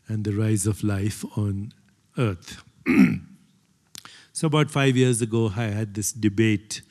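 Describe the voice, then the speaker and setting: A man's voice: lowish voice, mellow. An older man giving a conversational talk to an audience, lecturing with many fillers and asides. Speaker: speaker. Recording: long hall reverb.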